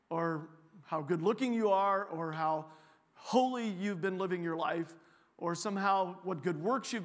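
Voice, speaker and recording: A man giving a sermon as a guest preacher in a church, joking and animated, often restarting his sentences. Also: sits high, long reverb tail. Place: church sanctuary.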